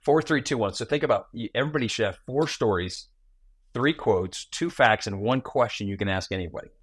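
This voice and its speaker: A man in his forties, a podcast guest who tells stories in a lively way and acts out small talk in quick asides. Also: fairly low pitch, no room sound. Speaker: guest, founder and keynote speaker. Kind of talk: conversational podcast interview.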